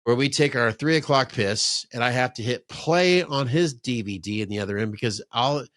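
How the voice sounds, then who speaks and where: Speaking at a moderate pace in a medium-pitched, slightly bright voice, a podcast host chats casually and tells rambling stories laced with profanity. The setting is a man-cave podcast room, recorded at studio quality with no room sound.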